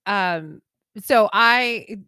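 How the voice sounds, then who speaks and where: Woman, young adult, co-host, easygoing chat, bright tense tone, dry close sound. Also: mid-range voice, extremely slow, smooth, dry recording. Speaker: podcast co-host. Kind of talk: casual chat.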